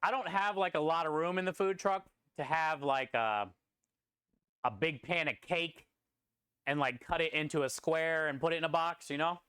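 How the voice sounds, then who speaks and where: A male chef talks his way through prep on a live stream, rambling from one dish to the next and stopping to answer chat. His voice is bright, smooth and a little high, recorded dry and close with no room sound, though he drifts off mic now and then as he moves around the truck kitchen. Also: moderate pace, no room sound. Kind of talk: casual live-stream chat while cooking.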